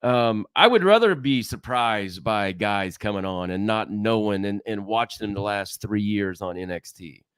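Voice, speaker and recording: A man's voice: lowish voice, expressive, a little slow, hardly any pauses, fairly bright tone, clear, resonant tone, dry recording, studio quality. Rambling middle-aged male wrestling guest. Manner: rambling, self-interrupting, folksy. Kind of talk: casual podcast chat.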